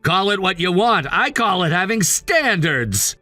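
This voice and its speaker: A man's voice: high-pitched, sing-song, unhurried, sharp tone, no room sound, soft background music, heavily acted. Synthetic man voice as a controlling husband. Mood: dismissive. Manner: curt, dismissive delivery. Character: controlling young husband, cold and demanding. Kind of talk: text-to-speech story reading.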